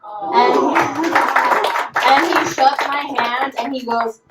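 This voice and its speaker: Animated young woman telling a story. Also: fairly high pitch, takes it slowly, very noisy. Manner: animated, acts out quoted voices. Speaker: roundtable speaker. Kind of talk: personal storytelling. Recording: echoey room.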